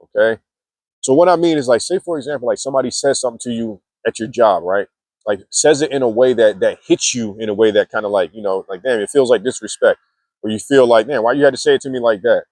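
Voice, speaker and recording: A man coaching others on self-improvement in an easygoing, conversational talk to camera, steadily checking in with "okay" and "man." His voice sits at an ordinary middle pitch. The sound is dry and close, with no room around it. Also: fast, darkish tone, no echo. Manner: conversational, many fillers like "okay" and "man", acts out quoted reactions. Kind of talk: casual motivational talk to camera.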